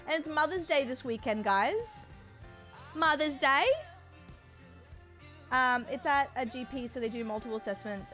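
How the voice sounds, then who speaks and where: Bubbly aussie girl streamer yapping to chat, kinda high voice, faint music behind. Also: a bit bright. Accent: Australian. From Australia. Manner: bubbly and chatty, quick swings up in pitch. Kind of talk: casual chat with viewers.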